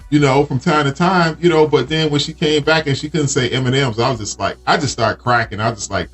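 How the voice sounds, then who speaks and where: A man's voice: medium pitch, fairly quick, few pauses, fairly bright tone, breathy edge, faint music behind. A man co-hosting a podcast in casual chat, rambling through stories and acting out both sides of each exchange. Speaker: podcast co-host.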